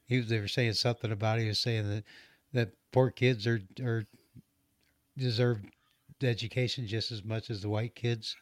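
A man's voice: fairly low pitch, little pitch movement, normal speed, no room sound. Hesitant, rambling male co-host in crude chat, dry close mic. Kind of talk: casual crude banter.

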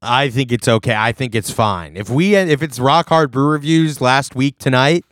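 Man, comedy podcast co-host, playful, smooth voice, dry sound. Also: mid-range voice, expressive, normal speed, a bit bright, dry recording. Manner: playful, reads from a forum, laughs along. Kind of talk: casual comedy chat.

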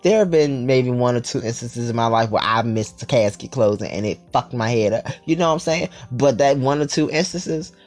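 A man telling a storytime tale in a vlog, animated and full of profanity and slang. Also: mid-range voice, brisk, few pauses, faint music behind.

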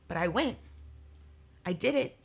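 Husky, impassioned woman in her thirties. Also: fairly low pitch, lively intonation, measured pace. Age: 30s. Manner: impassioned, emphatic, repeating phrases for force. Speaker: attorney and interview guest. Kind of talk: emotional radio interview. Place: radio studio.

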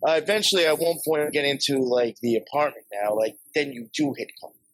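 A man's voice: a little high, quick pace, no echo, rough recording. A man with a New York accent telling a long, rambling story, swearing often and laughing as he talks. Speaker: podcast guest. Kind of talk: casual storytelling.

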